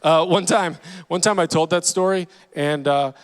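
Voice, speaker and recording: A man in his forties from Louisiana, a guest comedian telling self-deprecating stories from a church stage with dry punchlines and quick asides. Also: fairly high pitch, clean tone. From Louisiana, USA. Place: large church auditorium. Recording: long hall reverb.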